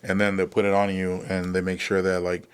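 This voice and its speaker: A man's voice: low voice, monotone, fairly quick, clean tone. A man in his thirties, a veteran guest on a podcast, telling his story candidly in a casual chat with many fillers and acted-out dialogue. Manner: candid, lots of fillers, acts out quoted dialogue.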